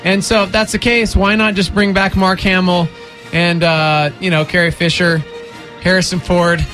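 A man's voice: high-pitched, flat delivery, normal speed, a bit bright. A man hosting a morning radio show, bantering casually and joking with his co-host. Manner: playful, jokey, casual. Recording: music bed under the talk.

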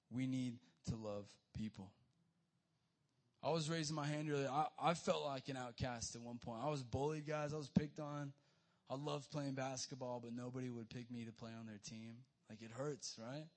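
A young man giving a youth sermon, energetic and casual, calling his listeners guys and dude. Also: a little high. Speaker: youth pastor.

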